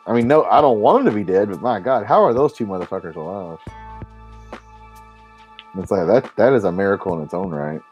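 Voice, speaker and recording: A man hosting a live stream, talking in a rambling, profane, animated way. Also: on the low side. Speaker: stream host. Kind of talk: casual chat.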